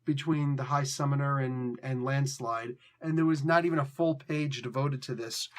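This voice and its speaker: A man's voice: medium pitch, steady tone, normal speed. A man hosting a casual spoken review, rambling and frank, often correcting himself with a joking edge. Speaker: comic book reviewer and host.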